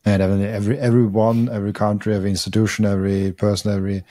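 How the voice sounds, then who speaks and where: A man hosting a podcast, with a low, dark voice that stays flat in pitch. He asks his questions haltingly, restarting and searching for words, in a dry recording with no room sound. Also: no room sound. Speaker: podcast host. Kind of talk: interview questions.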